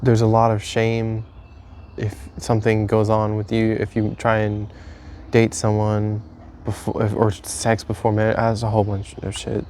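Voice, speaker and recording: A man's voice: lowish voice, completely flat delivery, moderate pace, mellow, a little hiss or hum. A young man from the United States telling a breakup story to camera in casual chat, candid and rambling, swearing freely and mocking himself.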